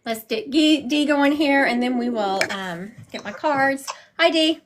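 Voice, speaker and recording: Middle-aged woman, psychic medium type, casual rambling livestream chat on a handheld phone at home, voice sits a bit high. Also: a little slow, background noise. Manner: rambling and chatty. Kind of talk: chatty livestream. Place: her home.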